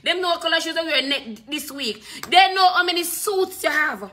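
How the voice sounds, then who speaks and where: High, bright-voiced woman preaching. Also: animated, moderate pace. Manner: fervent, repetitive preaching with bursts of speaking in tongues. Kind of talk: sermon.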